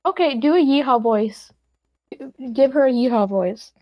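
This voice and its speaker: A woman at a tabletop game teases and pushes the game master in casual banter. Her voice is high. The sound is dry and a little dull, as if from a modest mic. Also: expressive, measured pace, dry recording. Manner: teasing, pushy banter. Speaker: player.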